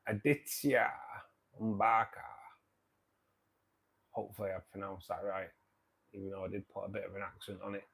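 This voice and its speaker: A man's voice: sits low, completely flat delivery, racing, gravelly, slightly rough. Chatty man hosting a live chat. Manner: chatty, friendly greetings, trails off quietly. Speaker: livestream host. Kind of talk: casual live chat reading viewer comments.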